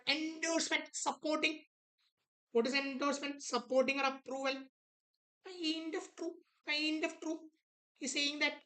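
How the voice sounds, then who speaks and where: A woman's voice: a little high, a bit bright, rough recording. A woman, teaching an online exam prep lesson, repeating key words and acting out an author's attitude.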